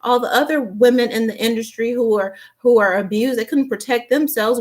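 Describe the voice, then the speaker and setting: A woman giving a casual tarot reading, halting with many fillers and restarts. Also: on the high side, a little mellow. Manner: grows impassioned and indignant. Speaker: tarot reader.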